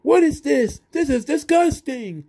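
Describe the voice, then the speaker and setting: A man's voice: very high voice, expressive, unhurried, vocal fry, warm tone, pitched above the performer's own voice, full character voice. A man voicing an outraged male wrestling commentator with a forced, scandalized, repetitive delivery.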